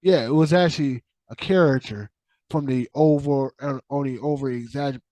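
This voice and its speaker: A man's voice: medium pitch, moderate pace, no room sound. A man ranting casually as a podcast host, profane and repetitive, restarting often and trailing off into fillers. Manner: animated, profane, repeats himself, trails off with fillers. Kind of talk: casual rant.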